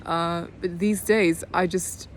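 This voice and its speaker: Speaking into her video diary, a twenty-something woman with a Dutch accent keeps a calm, muted tone while frequently nearing tears. She pauses and starts over many times, with faint background noise present.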